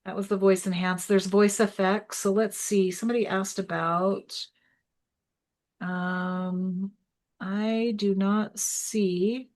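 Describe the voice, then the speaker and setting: A woman's voice: mid-range voice, little pitch movement, slow, darkish tone. A woman instructor giving a live online tutorial, chatty and explaining step by step as she clicks through an app. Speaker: small business workshop instructor.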